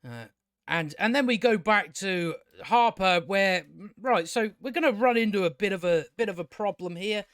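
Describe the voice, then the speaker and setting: Exasperated, high-voiced man ranting. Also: a bit bright, no room sound, studio quality. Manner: exasperated, sarcastic, swears often, stammers on restarts. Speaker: TV review host. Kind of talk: casual ranting review.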